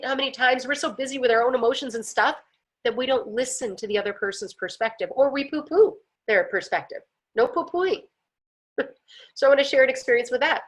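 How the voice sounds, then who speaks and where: A woman's voice: fairly high pitch, a bit bright. A woman teaching a personal growth class in a casual, earnest way, acting out quotes and laughing often. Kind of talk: casual talk to a group. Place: home, pool outside her patio.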